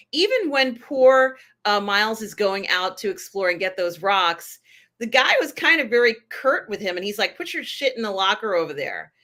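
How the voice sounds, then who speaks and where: Bright-voiced woman chatting about TV. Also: mid-range voice. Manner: chatty, enthusiastic, many fillers. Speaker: podcast co-host. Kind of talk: casual TV review chat.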